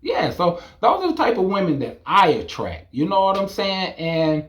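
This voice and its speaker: Young man for a casual vlog rant, animated and incredulous, voice leaping upward in disbelief. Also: sits high, normal speed. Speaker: vlogger. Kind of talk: casual monologue to camera.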